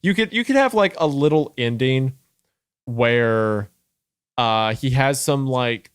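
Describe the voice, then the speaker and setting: A man's voice: mid-range voice, animated, takes it slowly, clear, resonant tone, no echo. A young man co-hosting a podcast, thinking aloud in casual discussion with fillers and restarts. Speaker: podcast co-host.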